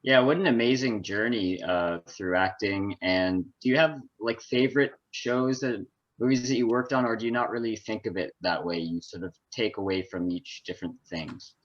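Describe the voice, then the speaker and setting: A man co-hosting a podcast, asking calm, measured questions. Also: fairly low pitch. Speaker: podcast co-host. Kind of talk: casual podcast interview. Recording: dull lo-fi sound.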